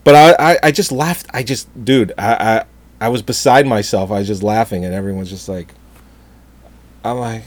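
Man, middle-aged, ranting storyteller with a swinging pitch, exasperated and swearing. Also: normal speed. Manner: animated, exasperated, swears often, laughs at own story. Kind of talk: casual chat, storytelling rant.

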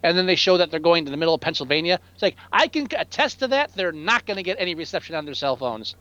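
A man in his thirties talks movies on a podcast in an animated, profane way, jumping into quick impressions of film characters. His voice sits high for a man. The recording is dry and a little dull. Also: no room sound. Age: 30s. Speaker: podcast co-host. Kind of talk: casual movie review chat. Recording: dry, slightly dull sound.

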